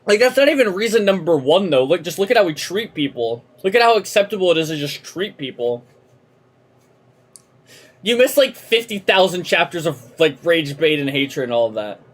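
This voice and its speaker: A woman's voice: lowish voice, moderate pace, husky. A young adult woman streaming a game, chatting and ranting with lots of swearing. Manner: ranting, profane, animated. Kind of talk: live game-stream chat.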